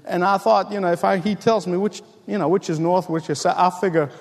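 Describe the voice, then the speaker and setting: High-voiced preacher in a big hall. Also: male voice, steady tone, a little fast, creaky. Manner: storytelling, emphatic, repetitive build-ups. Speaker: pastor. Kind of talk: sermon.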